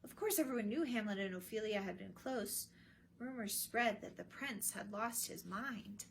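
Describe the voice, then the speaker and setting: A woman narrating a children's storybook version of a classic play in an expressive, clear way. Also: medium pitch, normal speed, slight background noise.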